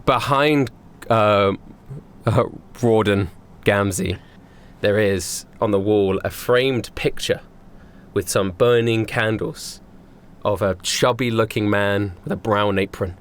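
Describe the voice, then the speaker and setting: A man's voice: on the low side, steady tone, takes it slowly, clear, resonant tone. Man narrating a tabletop game. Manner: casual, rambling with fillers. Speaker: game master.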